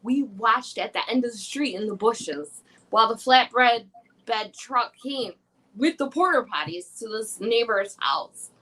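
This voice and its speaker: A woman in her forties, a podcast guest telling childhood stories in a chatty, animated way. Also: a little high, measured pace. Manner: chatty, animated storyteller, many "like" fillers. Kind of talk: casual chat.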